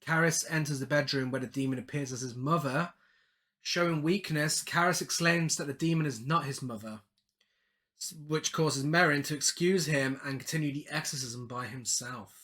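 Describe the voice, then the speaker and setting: A man with a bright, slightly high voice co-hosts a casual film podcast. He recaps the story scene by scene and drops in laughing side comments as he goes. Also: moderate pace. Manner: recaps the plot, then breaks into laughing asides. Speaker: podcast co-host.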